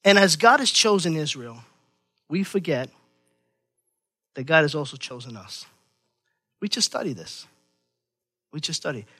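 Middle-aged male pastor, high bright voice, preaching with loud peaks and quiet asides. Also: lively intonation, unhurried, long pauses, no echo, soft background music. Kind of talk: sermon.

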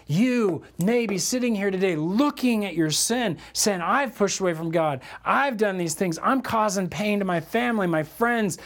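A man preaching a sermon as a pastor, animated and acting out the voices he quotes. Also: high-pitched, moderate pace, few pauses.

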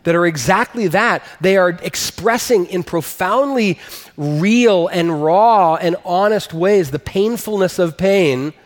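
A man's voice: sits high, slow, big-room sound. A man preaching a sermon as a pastor, earnest and emphatic, rising to stress his points.

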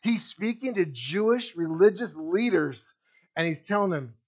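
A male pastor preaching a sermon to his congregation, animated, with big swings between loud and quiet and frequent direct questions to the listeners. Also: measured pace, lo-fi sound. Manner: animated preaching with wide swings in pitch and loudness.

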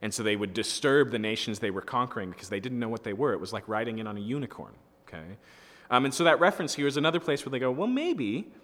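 A man's voice: mid-range voice, rapid-fire, fairly bright tone, in a large hall. A man teaching through scripture as a pastor, reading verses aloud and explaining them in a conversational way, often checking in with his listeners. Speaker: pastor teaching a Bible study. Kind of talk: expository sermon with scripture reading.

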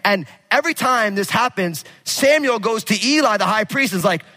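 A male pastor preaching a sermon with animated, casual storytelling and jokes. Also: high voice, normal speed. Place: church sanctuary. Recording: long hall reverb.

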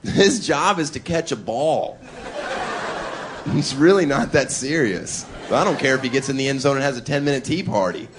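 A man's voice: medium pitch, animated, moderate pace, noisy background. A man doing a sardonic stand-up comedy routine. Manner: sardonic, builds to shouting.

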